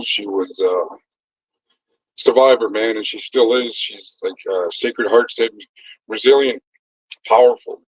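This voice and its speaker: A man's voice: mid-range voice, slightly rough, dry recording. A middle-aged man talks loosely into his phone while cooking, full of easy laughs and fillers. The sound is close and dry, with no room around it. The audio comes through somewhat dull and muffled. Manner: laid-back, loose and chatty, with frequent laughs and fillers. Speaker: food truck cook and vlogger. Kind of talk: casual livestream chat.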